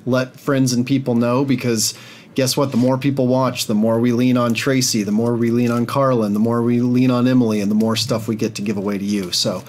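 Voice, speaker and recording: Excited male card show co-host. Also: medium pitch, a little fast, slight background noise. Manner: excited, chatty promoter. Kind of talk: live card show chat over a video link.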